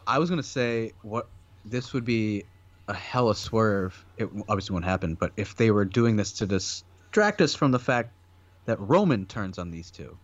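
A man's voice: on the low side, lively intonation, moderate pace, highs cut off. A man co-hosting a casual podcast chat, talking loosely with lots of fillers and frequent laughs. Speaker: podcast co-host.

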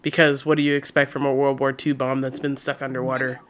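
Young man, podcast co-host, casual chat, relaxed, laughs easily. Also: medium pitch, a little hiss or hum. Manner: relaxed, chatty, quick to laugh.

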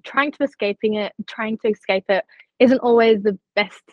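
A woman's voice: on the high side, moderate pace, dry recording, muffled recording. A young woman speaking as a guest in a casual interview, reflective and open, laughing now and then. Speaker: scholarship recipient guest.

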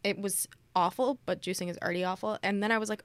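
A woman's voice: medium pitch, steady tone, fast, hardly any pauses, a bit bright, clean tone, dry recording. A woman co-hosting a podcast, chatting frankly with lots of fillers and reading out a listener's question. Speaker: podcast co-host.

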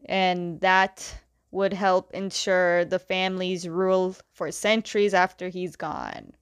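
A woman casually recapping a story, chatty, retelling scenes with lots of "like" and quick quoted lines. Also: on the low side, big pitch swings, clean tone, no room sound. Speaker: comic recap talker.

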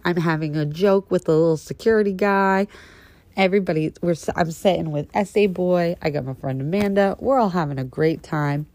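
Low-voiced woman in her 30s, sassy petty storyteller, dry close sound. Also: no echo. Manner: sassy, petty, animated storyteller who calls listeners honey. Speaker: podcast host. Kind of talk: casual storytelling monologue.

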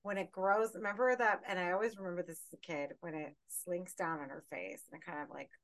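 A woman co-hosting a podcast in casual chat, telling stories in an animated way, laughing and swearing freely. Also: on the low side, fast. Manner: animated, laughing, profane storytelling. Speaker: podcast co-host.

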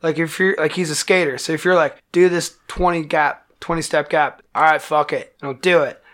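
A man, a band musician, telling a wild story in casual, profane talk, acting out the quotes loudly. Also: a little high, steady tone, normal speed.

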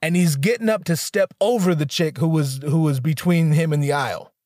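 Brief: young male comedian, high-leaning voice, dry close sound, profane and animated storytelling. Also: brisk, no room sound. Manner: animated, profane, acts out quotes in shifting voices. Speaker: stand-up comedian. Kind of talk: stand-up storytelling.

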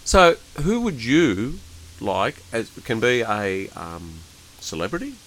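A man's voice: mid-range voice, very animated, takes it slowly, fairly bright tone, poor audio. A man hosting a podcast, teasing his guest in a playful way. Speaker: podcast host. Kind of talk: casual chat.

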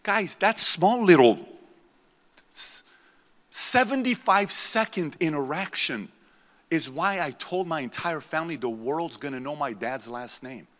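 A man's voice: a little high, animated, unhurried, fairly bright tone. A man in his forties giving a live motivational speech to a crowd in a convention center, intense and preachy, repeating lines for emphasis. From born in Iran, raised in the United States. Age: 40s. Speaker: motivational keynote speaker. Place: large convention center hall. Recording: long hall reverb from a large venue.

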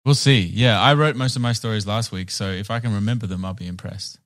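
A man's voice: on the low side, quick pace. A man co-hosting a laid-back podcast while hungover. He sounds tired but throws in sudden exclamations as he reacts to what he hears. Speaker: podcast co-host. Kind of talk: casual chat.

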